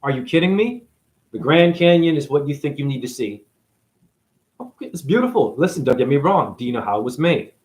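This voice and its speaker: A man's voice: on the high side, very animated, a little fast. Profane ranting man from New England. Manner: profane, sarcastic, swings between loud outbursts and near-whispers. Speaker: spiritual video host. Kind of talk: ranting monologue to camera.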